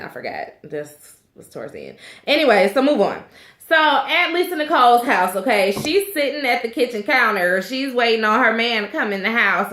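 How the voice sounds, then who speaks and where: A woman chats through a reality TV recap in a loose, candid way, swearing freely and laughing at what she describes. Her voice is bright and sits a little high. The room around her rings with echo. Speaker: reality TV reviewer. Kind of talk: casual recap vlog.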